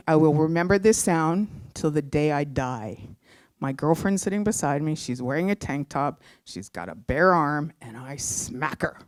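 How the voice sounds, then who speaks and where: A middle-aged woman from Canada telling a personal story, heartfelt, moving between animated and hushed moments. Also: low voice, dry recording, clean studio sound.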